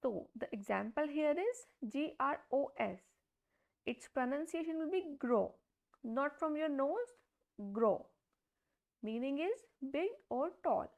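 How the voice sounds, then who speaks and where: A high-voiced woman teaches a beginners' pronunciation lesson. She speaks slowly and deliberately, repeating each example word, and her voice has a gravelly, creaky edge. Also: darkish tone, lo-fi sound. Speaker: language teacher. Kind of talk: slow step-by-step pronunciation lesson.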